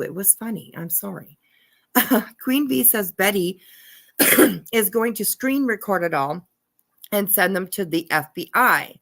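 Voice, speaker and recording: Gravelly-voiced woman reading court papers. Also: medium pitch, fairly bright tone. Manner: profane, laughing asides between read passages. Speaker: online drama commentator. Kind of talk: casual commentary reading court papers aloud.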